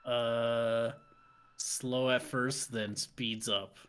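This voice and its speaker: A man's voice: medium pitch, level tone, extremely slow, fairly bright tone, clear, resonant tone. A man co-hosting a let's play in casual chat, talking things through aloud and laughing easily.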